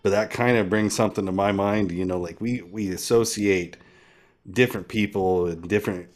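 A man's voice: lowish voice, steady tone, moderate pace. A man co-hosting a podcast, thinking aloud in casual, rambling talk with many fillers. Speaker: podcast co-host. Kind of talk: casual chat.

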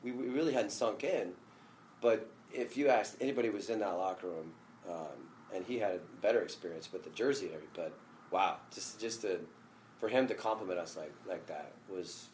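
A former soccer player telling a team story in casual chat, jumping between thoughts and laughing. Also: male voice, low voice, brisk, darkish tone, slight background noise.

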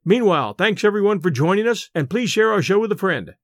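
Expressive man reading a ghost story. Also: high-pitched, dry recording, clean studio sound. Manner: measured, expressive narration. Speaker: narrator and podcast host.

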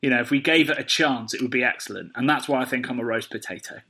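A man with a bright, forward voice co-hosts a casual podcast. He talks in a brisk, confident, teasing way. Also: mid-range voice, slightly rough. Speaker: podcast co-host. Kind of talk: casual chat.

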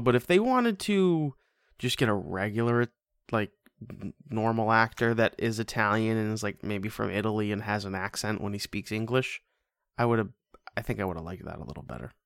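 A man co-hosting a casual podcast, animated and joking, swearing freely. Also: mid-range voice, clear, resonant tone, no echo, clean studio sound. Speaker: podcast co-host.

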